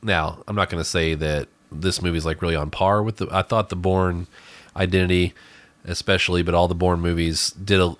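Very deep-voiced man rambling about a movie. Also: little pitch movement, fairly quick, no room sound. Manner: rambling, with many restarts and fillers. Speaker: podcast co-host reviewing a movie. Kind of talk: casual movie review chat.

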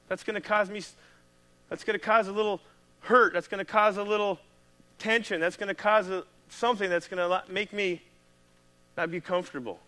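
A man with a Midwestern American accent, a pastor preaching a sermon in a conversational, animated way. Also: high-pitched, fairly quick, smooth.

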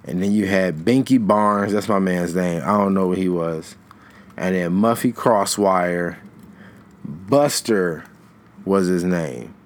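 A man's voice: low voice, takes it slowly. Rambling slangy young man chatting. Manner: rambling, slangy, trails off and restarts. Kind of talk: casual chat.

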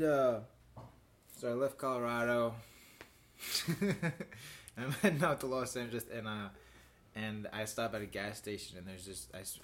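Rambling young man telling a story. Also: fairly low pitch. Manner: rambling, heavy on "like" and swearing, laughs while telling. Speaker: podcast host. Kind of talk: casual storytelling chat.

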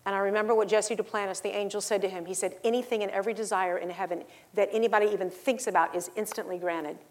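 A middle-aged woman preaching a sermon, telling stories and acting out the voices in them, rising to loud exhortation. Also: medium pitch, fairly even intonation, quick pace. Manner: acts out voices in her stories.

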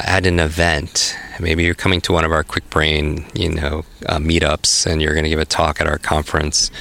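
A man guiding a memory exercise in an upbeat, encouraging way and telling lively stories. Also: low voice, gravelly. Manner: energetic, encouraging, animated storytelling. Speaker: memory coach guest.

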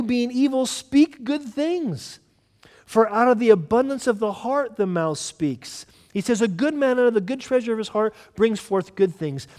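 A male pastor preaching a sermon with emphatic delivery, swinging from loud urgent lines to hushed ones. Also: high-pitched, long reverb tail.

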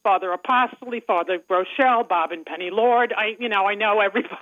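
A woman's voice: medium pitch, fast talker, noisy background. A woman with a thick Long Island accent, calling in to a radio show and chatting with frequent laughs. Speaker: caller. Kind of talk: casual phone call. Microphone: telephone. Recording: muffled phone line.

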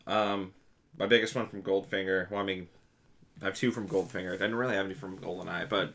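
A man in casual chat with a low, gravelly voice that still has a bright edge. He talks in a relaxed, hesitant way with plenty of fillers. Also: quick pace.

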